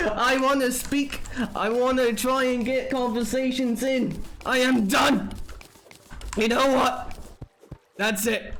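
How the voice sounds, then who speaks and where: High-voiced excitable young male streamer. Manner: excitable, laughs often, rants in bursts. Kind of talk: casual live-stream chat. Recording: faint background noise.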